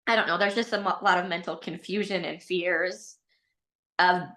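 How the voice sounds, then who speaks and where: A woman's voice: fairly low pitch, steady tone, moderate pace, pushed and bright. A woman speaking candidly in a personal coaching session, rambling and hesitant with nervous laughter. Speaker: coaching client.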